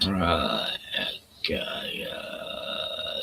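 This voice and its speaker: A man's voice: on the low side, very animated, slow, vocal fry, pushed and bright. An older man rambling casually on his livestream, profane and chuckling as he talks to his chat. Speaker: livestream host.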